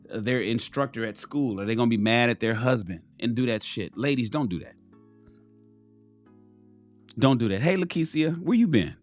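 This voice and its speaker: A man's voice: fairly high pitch, a bit bright. A man ranting bluntly and profanely on a casual live stream, preaching to his viewers.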